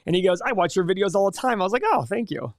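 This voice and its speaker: A man's voice: high voice, animated, rapid-fire, no echo, studio quality. A man in his forties hosting a casual livestream, chatting loosely and reading viewer comments aloud. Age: 40s. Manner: chatty, rambling, reads chat aloud. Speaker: livestream host.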